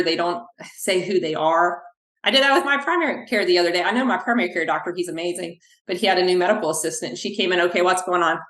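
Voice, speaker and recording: A woman physical therapist talking in a podcast interview, telling animated stories from her clinic. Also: on the low side. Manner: animated, acts out quoted dialogue. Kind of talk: podcast interview, conversational storytelling. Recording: echoey room.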